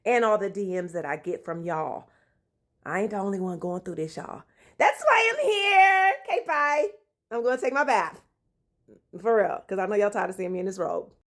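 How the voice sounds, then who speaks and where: A young woman telling a story to her followers in a casual, slangy, animated way, with swearing and dramatic emphasis. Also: lowish voice, a little fast. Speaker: relationship advice vlogger.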